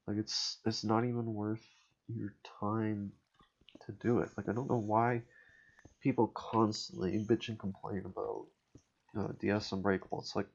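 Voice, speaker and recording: A man's voice: fairly low pitch, gravelly, a little mellow. A man ranting sarcastically in casual chat about a game, swearing often. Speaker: podcast host. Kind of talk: casual gaming rant. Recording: dull lo-fi mic.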